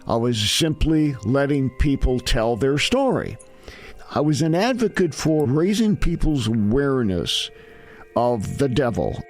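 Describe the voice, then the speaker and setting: Older man with a lively, insistent voice. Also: medium pitch, a little slow, soft background music. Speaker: former radio show host. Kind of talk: interview answer.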